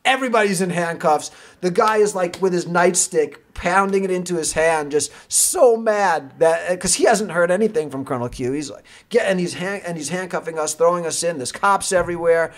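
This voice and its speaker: A man guest on an interview show, a sports agent, telling a story with lively energy and frequent laughs. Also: high voice, brisk, hardly any pauses. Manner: lively, laughing, acts out other voices. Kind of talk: animated anecdote storytelling.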